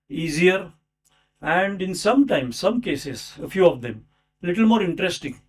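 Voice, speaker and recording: A man giving a formal speech at a book launch, introducing an author with rhetorical questions and asides. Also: sits high. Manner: rhetorical, with many fillers and asides.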